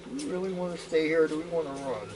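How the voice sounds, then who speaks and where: A man squeaking as panicky little kobolds. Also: sing-song, racing, a little mellow, far from the mic, close to an everyday voice. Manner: whiny, panicky. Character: panicky small flying kobolds. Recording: noisy home recording.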